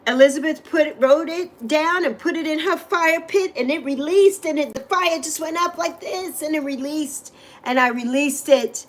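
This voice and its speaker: Speaking at normal speed in a high voice, a middle-aged woman addresses her livestream viewers directly through a desk mic. As host, she keeps the chat heartfelt, effusive and emotional, repeating herself often.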